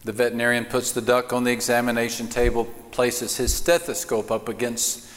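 A man preaching a sermon in a church, telling a joke with voices and then speaking slowly and emphatically. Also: mid-range voice, little pitch movement, fairly bright tone. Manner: acts out the joke's voices, slow emphatic preaching. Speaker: pastor. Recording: reverberant church hall.

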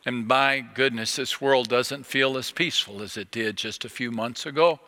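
A man preaching a sermon as a pastor, earnest and pleading, slowing down on key phrases. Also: medium pitch, bright, forceful tone, in a large hall.

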